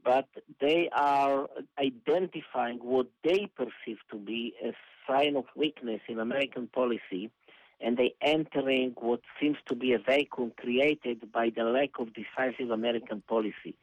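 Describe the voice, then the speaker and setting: A male analyst, giving measured commentary in a news interview, pausing often with "uh". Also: mid-range voice, no room sound. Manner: measured, hesitant with many uhs. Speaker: analyst guest. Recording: dull lo-fi phone-like line.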